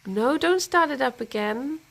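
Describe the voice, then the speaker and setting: Giggly slow-talking woman streamer. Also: high-pitched, animated, creaky, slight background noise. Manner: chatty, giggly, reads and answers viewer comments. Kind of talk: casual live-stream chat.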